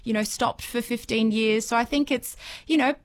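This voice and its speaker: A young Australian woman presenting news on regional radio, explaining things clearly in a friendly way, with some filler words. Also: a little high, steady tone, normal speed, dry recording.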